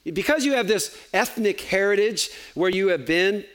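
Pastor delivering a sermon: high voice, chatty, animated, light humor. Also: male voice, moderate pace. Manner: animated, conversational, joking asides. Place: church.

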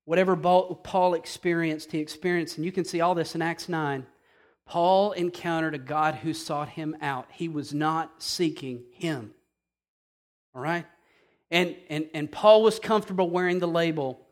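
Conversational male pastor, slightly high voice. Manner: conversational preaching, asides and humor. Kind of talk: sermon.

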